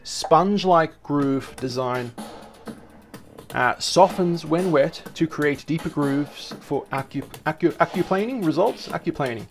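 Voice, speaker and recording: Excitable man chatting through a video. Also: on the high side, unhurried, faint music behind. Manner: enthusiastic, rambling, self-correcting. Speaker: video host. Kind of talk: casual commentary.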